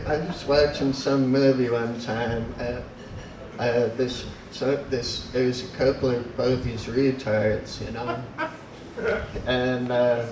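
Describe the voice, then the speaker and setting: A man tells a meandering stand-up set, taking his time and losing his thread. He stops and restarts a lot. The recording is distant and echoey, with room noise behind him. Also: mid-range voice. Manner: rambling, halting, many fillers. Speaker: open mic comedian. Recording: echoey room, distant camera mic, noisy.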